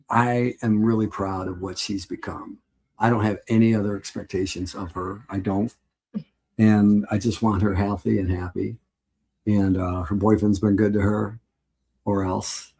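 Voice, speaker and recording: A middle-aged man hosts a casual live stream. His low voice is gravelly and husky, and he rambles along in a heartfelt way, often breaking into laughter. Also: flat delivery, a little slow, long pauses, warm tone.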